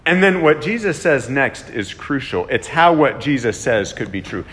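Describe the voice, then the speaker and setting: A man's voice: medium pitch, expressive, normal speed, a bit bright. A man preaching a sermon, earnest and emphatic, his voice rising to plead and dropping to reflect. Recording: long reverb of a hall.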